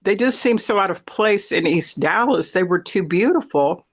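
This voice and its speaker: Animated, rambling male storyteller. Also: high voice, moderate pace, breathy edge. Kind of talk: casual chat.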